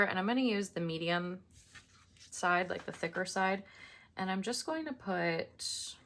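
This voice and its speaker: Bright, animated young woman chatting. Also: medium pitch. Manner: chatty, ranting, exasperated asides. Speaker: planner vlogger. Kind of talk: casual chat while crafting. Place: apartment.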